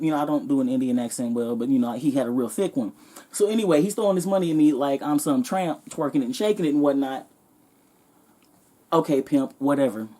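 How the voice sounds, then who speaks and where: A woman vlogger telling a comedic story in a sassy, animated, profane way. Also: sits low, fairly quick.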